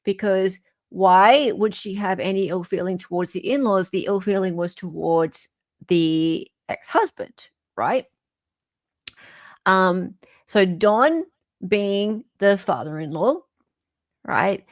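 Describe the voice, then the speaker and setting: An Australian woman hosting a casual chat about a court case. She talks at an unhurried pace, chatty and animated, with a dry, close-miked sound. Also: medium pitch, dry recording. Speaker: host. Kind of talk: casual commentary.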